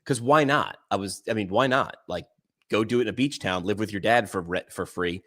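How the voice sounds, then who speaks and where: Emphatic, animated male podcast host. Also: a little fast. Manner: emphatic, animated storyteller with big swings in pitch and loudness. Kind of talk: casual podcast discussion.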